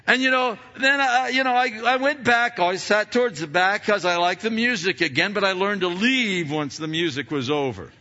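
Halting, bright-voiced man preaching. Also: high voice, dull audio. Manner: halting, repeats words, animated storyteller. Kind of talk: sermon storytelling.

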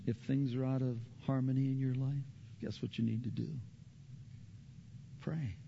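A middle-aged male pastor preaching with a gravelly, creaky edge to a mid-pitched voice. He tells stories earnestly, repeats his key phrases, and his pitch climbs when he gets animated. The recording is slightly dull, with faint noise underneath. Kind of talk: sermon.

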